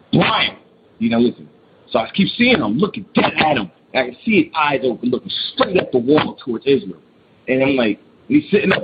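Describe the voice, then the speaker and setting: Casual male storyteller, rambling and slangy, muffled lo-fi recording with steady hiss. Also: mid-range voice. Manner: rambling, restarts often, slangy. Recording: dull lo-fi recording with clear noise.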